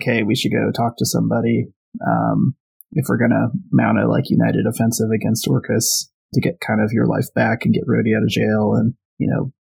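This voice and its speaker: Casual podcast co-host, male, husky gravelly voice, rambling plot recaps full of "like" and "you know.". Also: mid-range voice, darkish tone, low-quality recording. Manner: recaps plot with many fillers and quoted paraphrase. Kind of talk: casual comic book discussion.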